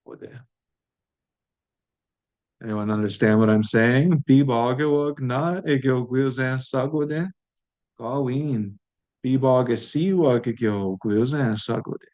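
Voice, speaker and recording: A man's voice: mid-range voice, slow pace, long pauses, a little mellow. A man teaching a language lesson, saying each word aloud and repeating it patiently for learners.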